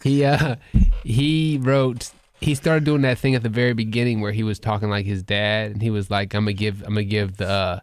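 A man's voice: medium pitch, little pitch movement, smooth. A man hosting a podcast, chatting casually and teasing his guests. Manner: teasing, quick to joke. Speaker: podcast host.

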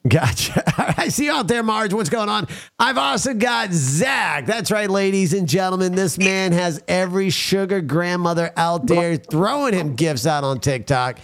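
A man's voice: sits high, animated, normal speed, creaky, hardly any pauses, fairly bright tone. A man hosting a talk show, ranting bluntly and crudely and often calling out to his listeners as folks. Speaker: podcast host. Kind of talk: casual talk show banter and rant.

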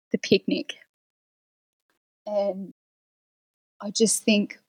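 A woman's voice: on the low side, vocal fry, husky, no echo, poor audio. A woman guest in a casual podcast chat, teary and talking in a heartfelt, rambling way.

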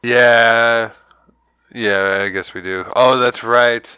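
A man's voice: mid-range voice, fairly even intonation, takes it slowly, clear, resonant tone, no room sound, muffled recording. A man co-hosting a podcast in casual banter, playful and teasing, hamming it up. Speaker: podcast co-host.

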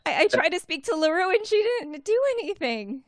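A woman voicing a tiny, fretful young woman adventurer in a tabletop game, with high, loud, excitable outbursts. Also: brisk, dry recording, clean studio sound. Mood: anxious.

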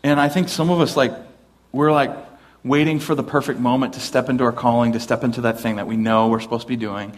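A man's voice: mid-range voice, fairly even intonation, fast. Man preaching a casual sermon. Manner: conversational, with restarts and acted quotes. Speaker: pastor.

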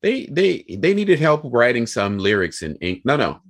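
A young American man telling a work story in a casual, animated way, acting out the people he quotes. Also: mid-range voice, normal speed. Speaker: guest.

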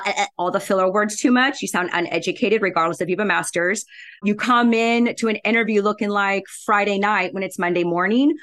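A woman's voice: mid-range voice, a bit bright. A middle-aged woman talking bluntly and assertively in a casual interview, laughing often. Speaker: podcast guest, real estate investor.

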